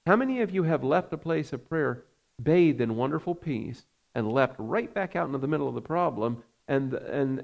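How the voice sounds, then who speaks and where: A man preaching a sermon as pastor, earnest and measured, with frequent fillers. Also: medium pitch, gravelly, darkish tone, muffled recording.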